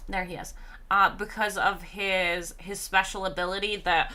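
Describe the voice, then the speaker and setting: A woman chats casually on a gaming live stream, rambling between thoughts and reading chat aloud. Her tone is bright and clear, but the voice sounds tired and strained. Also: medium pitch, steady tone, normal speed. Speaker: game streamer.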